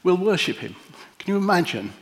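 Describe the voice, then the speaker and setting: A middle-aged man preaching a sermon and leading a prayer, gentle and reflective with long pauses. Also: high-pitched, very animated. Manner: emotional, easily moved.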